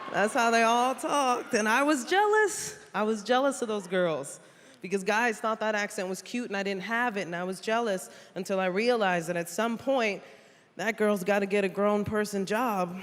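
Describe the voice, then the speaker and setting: A woman from New York's South Bronx doing an animated stand-up set, teasing playfully with loud bursts, on a theater stage before a live audience. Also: mid-range voice. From South Bronx, New York. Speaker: stand-up comedian. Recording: reverberant hall with loud crowd noise.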